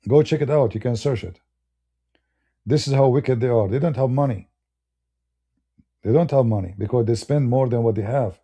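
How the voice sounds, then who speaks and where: A man's voice: mid-range voice, dark tone. A man from the Middle East with a Middle Eastern accent, ranting bluntly and combatively on a livestream, laughing through his stories. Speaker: Christian apologist streamer. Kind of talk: unscripted livestream rant.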